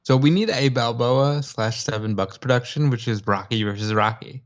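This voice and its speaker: A man's voice: mid-range voice, dull audio. Podcast co-host guy, casual, tosses in dry little jokes. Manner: wry, quick joking asides. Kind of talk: casual commentary chat.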